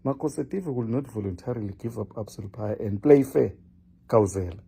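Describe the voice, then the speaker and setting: A man's voice: medium pitch, fairly quick, vocal fry, dark tone, breathy edge. An older man delivering a scolding, lecturing political monologue, addressing one person directly and repeating his name for emphasis. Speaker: political commentator.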